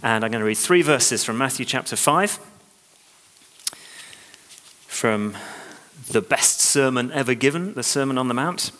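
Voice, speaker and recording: A man preaching a sermon in a church, reading scripture aloud and urging his listeners on with lively emphasis. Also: mid-range voice, a little slow, long pauses. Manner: animated, exhorting, reads scripture aloud. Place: large church hall. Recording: long church hall reverb.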